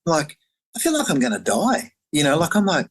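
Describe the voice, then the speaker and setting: A middle-aged man, a guest in an interview, telling a personal story in an animated way, acting out quoted voices and using lots of filler words. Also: a little high, a little fast, slightly rough, poor audio.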